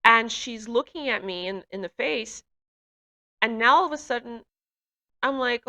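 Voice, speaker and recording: A woman recounts a personal testimony in a bright, clear-toned voice. She speaks earnestly and haltingly, with fillers and restarts. Her telling is heartfelt and emotional. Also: a little high, lively intonation. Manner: grows emotional while recounting.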